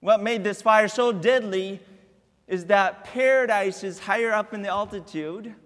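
A man preaching a sermon as a guest pastor in a church, telling a family story with drawn-out, deliberate repetitions. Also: sits high, fairly bright tone, long reverb tail. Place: church sanctuary.

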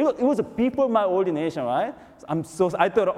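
High-voiced pastor preaching in a reverberant hall. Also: male voice, a little fast, few pauses. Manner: animated, repetitive storytelling with frequent rhetorical "right?". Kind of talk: storytelling sermon. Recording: long reverb in a large hall.

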